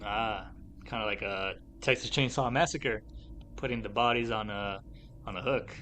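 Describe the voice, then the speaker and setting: A man co-hosting a podcast who chats casually and tells stories in an animated way, swearing often and leaning on fillers. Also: on the low side, normal speed, slight background noise. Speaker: podcast co-host. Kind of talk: casual chat.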